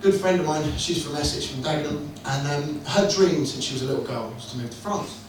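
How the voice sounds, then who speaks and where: A man's voice: a little high, a little fast. A man performing a stand-up comedy set in a club, telling crude, sweary jokes with a wry storytelling manner. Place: comedy club room, indoors. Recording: echoey club room, distant mic, noisy.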